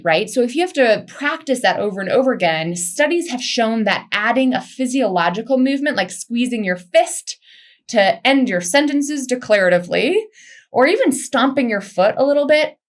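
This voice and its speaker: A woman giving a lively career webinar talk, chatty and quick to laugh, with casual slang mixed in. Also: a little high. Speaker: career coach presenter. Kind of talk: webinar presentation.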